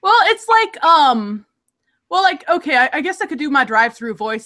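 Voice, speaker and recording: A woman's voice: high-pitched, big pitch swings, moderate pace, fairly bright tone. A woman from Alaska with an Alaskan accent, chatting casually and rambling with restarts as a content creator. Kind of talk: casual group chat.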